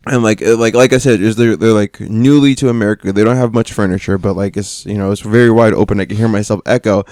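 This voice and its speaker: A young man tells a story on a casual podcast, keeping the tone animated and breaking into laughter now and then. His voice is smooth and resonant, and the room sounds dry and close. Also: on the low side, fast, dry recording. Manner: animated, laughing often, acting out quoted lines. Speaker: podcast co-host.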